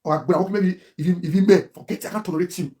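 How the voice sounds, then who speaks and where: A man's voice: high voice, fast, a little mellow. A man with a Nigerian Pidgin accent ranting on a livestream, emphatic and repetitive. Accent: Nigerian Pidgin English. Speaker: blogger. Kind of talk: livestream rant.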